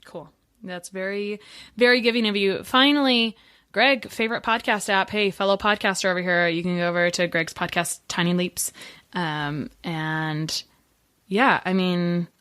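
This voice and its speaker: A woman's voice: lowish voice, fairly even intonation, moderate pace, fairly bright tone, smooth, no room sound, clean studio sound. A woman hosting a podcast interview, chatty and playful, with rambling asides. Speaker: podcast host.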